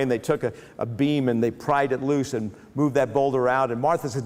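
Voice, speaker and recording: A man giving a lecture that retells a Bible story, in a lively storytelling manner with frequent restarts. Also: medium pitch, a little fast, few pauses, in a large hall. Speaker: speaker.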